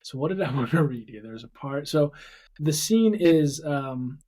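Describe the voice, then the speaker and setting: A man's voice: fairly high pitch, expressive, unhurried, dark tone. A man co-hosting a podcast, chatting easily and reading out a script excerpt. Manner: easygoing, reading aloud from a script. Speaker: podcast co-host. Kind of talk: casual chat.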